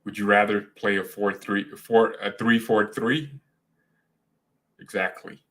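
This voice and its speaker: Brief: male fan host, casual watchalong commentary, lower-pitched but bright and forceful, rambling hot takes. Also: flat delivery, a little slow. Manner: opinionated, rambling, slangy.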